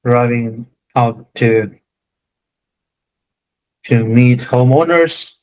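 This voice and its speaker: Man, Indian accent, mid-pitched voice, host, short agreeing replies. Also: extremely slow, a little mellow, poor audio. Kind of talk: casual chat.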